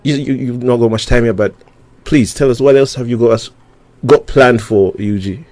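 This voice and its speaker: A man's voice: mid-range voice, normal speed, a little mellow, no echo. A man hosting a casual interview, talking loosely with lots of stammered restarts and frequent laughter. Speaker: radio show host.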